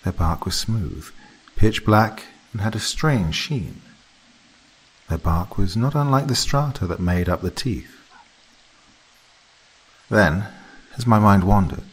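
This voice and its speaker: A man narrating a horror story in a measured, softly dramatic storytelling manner. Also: fairly low pitch, lively intonation, slightly rough, low-quality recording. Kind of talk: scripted narration.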